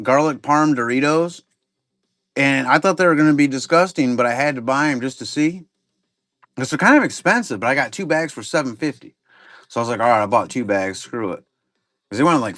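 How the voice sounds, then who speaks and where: A man's voice: medium pitch, fairly bright tone. A man hosting a live card-break stream, chatting casually and rambling in a laid-back way with some swearing. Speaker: livestream card break host. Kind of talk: casual chat while running a live stream.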